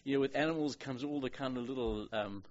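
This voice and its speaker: A man's voice: mid-range voice, fast. A man from South Africa with a South African accent, teaching a Bible passage as a pastor in a chatty, digressive way with many restarts. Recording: dull lo-fi recording.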